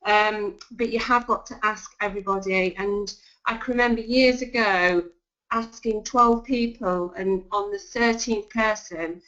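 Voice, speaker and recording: A woman's voice: mid-range voice, fairly even intonation, a little slow, fairly bright tone. A woman giving sales tips in a webinar, chatty and full of ums and restarts. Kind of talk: webinar talk. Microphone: video call. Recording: dull lo-fi web call audio.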